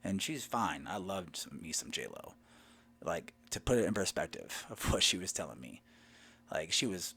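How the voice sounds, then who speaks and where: A man telling a personal story in a lively way, retelling the dialogue line by line. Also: low voice, moderate pace, creaky, slightly rough. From Southern United States. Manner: animated, retells dialogue with "I go" and "she goes".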